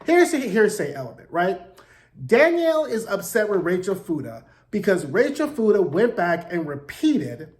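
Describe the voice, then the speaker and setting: A man's voice: sits high, normal speed. Sassy, profane man recapping TV. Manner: sassy, animated, profane, lots of "like" and "right?". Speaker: TV recap host. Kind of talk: casual review commentary.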